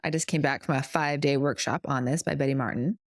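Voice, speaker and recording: A woman's voice: rumbling low, fast talker, no room sound, studio quality. A middle-aged woman co-hosting a casual podcast, explaining her thoughts earnestly and at length, often correcting herself mid-sentence. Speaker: podcast co-host.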